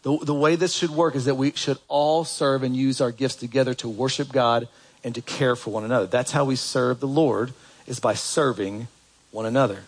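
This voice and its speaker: A man's voice: mid-range voice, steady tone, moderate pace, poor audio. A man preaching a sermon in a church, chatty and direct, asking the congregation rhetorical questions and reading scripture aloud. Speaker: pastor.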